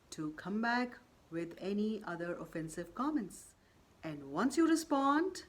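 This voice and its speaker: Firm, emphatic woman giving advice. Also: mid-range voice. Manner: firm and emphatic, repeating "or you could say" between examples. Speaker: presenter giving workplace advice. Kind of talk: direct-to-camera advice talk.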